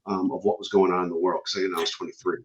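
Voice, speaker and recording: A man in his fifties from Michigan, a guest telling army stories in an animated way. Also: low voice, highs cut off. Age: 50s. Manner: animated storyteller, quick asides. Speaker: guest, retired army ranger. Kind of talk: casual interview storytelling.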